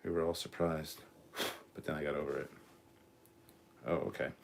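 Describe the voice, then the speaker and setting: Man, very low voice, live stream host, reads chat, casual, swears a lot, faint hiss. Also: little pitch movement, moderate pace, vocal fry. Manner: casual, crude, swears freely.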